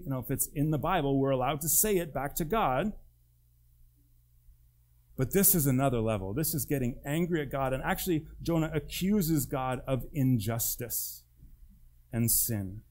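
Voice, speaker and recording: With a fairly high yet darkish, expressive voice at normal speed, a male pastor delivers a church sermon. His style is conversational and emphatic: he puts questions straight to the congregation and performs quotations.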